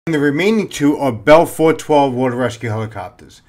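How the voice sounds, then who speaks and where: Animated New ex-cop storyteller. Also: male voice, medium pitch, a little fast. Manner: animated, swears freely, acts out his own panic. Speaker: podcast host, former police officer. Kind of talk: casual storytelling.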